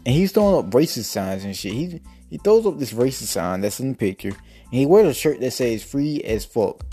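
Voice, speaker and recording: A man rants on his podcast in loose, slangy talk, repeating himself for emphasis. His voice is dark and a little husky. Faint music sits under him. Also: mid-range voice, very animated, fairly quick. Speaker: podcast host. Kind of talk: casual rant.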